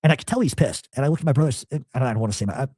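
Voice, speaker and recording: A man's voice: mid-range voice, racing, slightly rough, no room sound, studio quality. A man telling a long, profane family story in casual talk, animatedly acting out what people said. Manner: profane, animated, acts out quotes.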